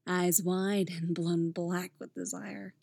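A woman reading fan fiction aloud in a gentle, intimate storytelling manner. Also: fairly low pitch, level tone, takes it slowly, gravelly, no room sound. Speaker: audiobook reader.

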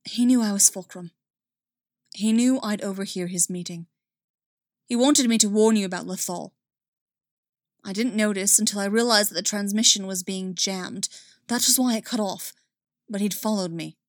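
A woman's voice: medium pitch, normal speed, long pauses, no echo, studio quality, lightly acted. Callus, a woman doing a tired remorseful spy. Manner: tired, apologetic.

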